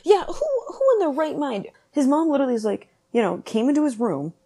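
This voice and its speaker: A woman's voice: high-pitched, sing-song, brisk, warm tone. A woman co-hosting a podcast, reacting enthusiastically while her co-host recaps a movie. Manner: reactive, enthusiastic, gushing interjections. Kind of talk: casual film recap chat.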